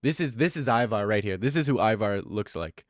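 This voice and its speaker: A man's voice: fairly low pitch, lively intonation, fairly quick, dry recording, studio quality. Joking young guy answering chat. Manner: defensive, joking replies to chat, says bro a lot. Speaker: livestreamer reading chat. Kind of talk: casual livestream chat.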